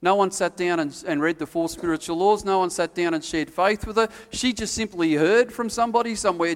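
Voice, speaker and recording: A man preaching a sermon, telling a story and acting out the quotes, then dropping to quiet, earnest emphasis. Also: high voice, fairly quick, few pauses, big-room sound. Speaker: pastor.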